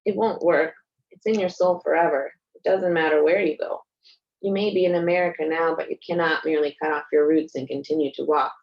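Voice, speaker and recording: Stubborn elderly grandmother, read by a woman; low, reproachful, muffled recording. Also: steady tone, a little fast, creaky. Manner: reproachful, heavy with complaint. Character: stubborn elderly immigrant grandmother, gloomy and nostalgic.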